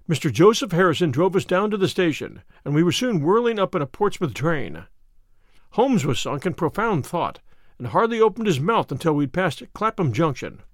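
A man reads the story aloud as an audiobook narrator. His voice sits fairly high and moves through lively rises and falls. The recording is dry and close. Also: moderate pace, no echo. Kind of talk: scripted narration.

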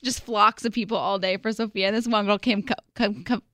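A woman's voice: mid-range voice, fairly even intonation, brisk, a bit bright, dry recording, clean studio sound. A young woman co-hosting a podcast, telling stories and chiming in with agreement. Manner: storytelling, lots of agreement fillers. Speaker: podcast co-host. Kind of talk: casual podcast chat.

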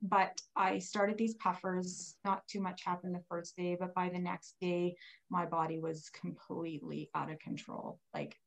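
A woman guest telling a personal story in casual talk, animated, with frequent restarts and fillers. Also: lowish voice, measured pace, gravelly, low-quality recording. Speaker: guest sharing a personal testimony.

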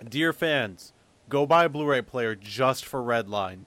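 A man co-hosting a podcast, chatty and quick to laugh. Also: mid-range voice, expressive, fairly bright tone, dry recording. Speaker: podcast co-host. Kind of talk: casual podcast banter.

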